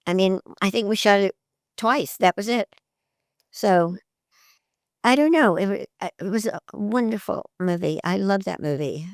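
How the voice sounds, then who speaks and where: An older actress in an interview, telling stories in a chatty, animated way, often laughing and jumping her voice up for quoted lines. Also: mid-range voice, dry recording, clean studio sound. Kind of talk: conversational storytelling interview.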